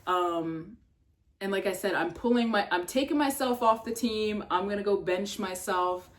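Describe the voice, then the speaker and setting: A young adult woman vlogging in a casual, rambling way, full of fillers and swearing, jumping up in pitch when exasperated. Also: moderate pace, a little hiss or hum. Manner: filler-heavy, swears, trails off and restarts.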